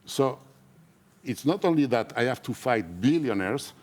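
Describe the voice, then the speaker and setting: A man who speaks natively, talking in an emotional conference interview, earnest and halting, often repeating himself. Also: medium pitch, animated, darkish tone. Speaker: interviewee, whistleblower. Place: conference stage.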